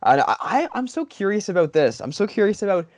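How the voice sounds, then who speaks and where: A man's voice: high voice, sing-song, a little fast, no echo. A man hosting a podcast, asking questions in an enthusiastic, rambling way full of fillers. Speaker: podcast host. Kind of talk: podcast interview.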